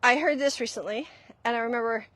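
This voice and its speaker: A middle-aged woman with a slightly high voice talks through her own experiences as a podcast host. She is earnest and confessional, and she repeats her key points so they land. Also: fast, a bit bright, no echo. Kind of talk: reflective solo talk.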